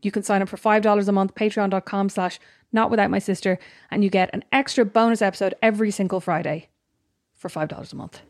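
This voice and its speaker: A woman's voice: mid-range voice, steady tone, no echo, studio quality. A young woman co-hosting a podcast, chatting casually and teasing her sister. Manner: quick, teasing, laughs often. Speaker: podcast co-host. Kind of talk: casual chat.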